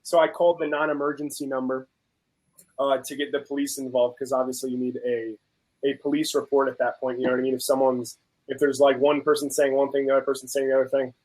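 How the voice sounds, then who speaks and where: A man's voice: mid-range voice, level tone, quick pace, a little mellow, poor audio. A man on a video call, casually telling a story with animation and acting out both sides of an argument. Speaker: guest on video chat. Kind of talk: casual chat.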